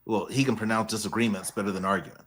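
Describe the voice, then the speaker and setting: A man's voice: lowish voice, fairly even intonation, fast, a bit bright. A man co-hosting a podcast in casual chat, teasing playfully and laughing through his jokes. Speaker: podcast co-host.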